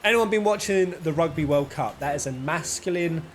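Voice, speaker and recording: A man streaming a game and chatting in an animated, self-mocking way. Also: on the high side, brisk. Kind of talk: casual gameplay commentary. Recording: game music behind the voice.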